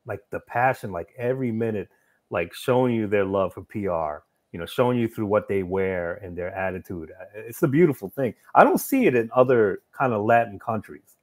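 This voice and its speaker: A man's voice: fairly low pitch, animated, a little fast. A man from New York, a guest comic creator, talking in an earnest, reflective and encouraging way in a casual interview.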